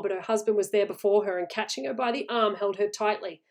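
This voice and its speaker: A woman reading a horror short story aloud in a measured, suspenseful way. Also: medium pitch, fairly even intonation.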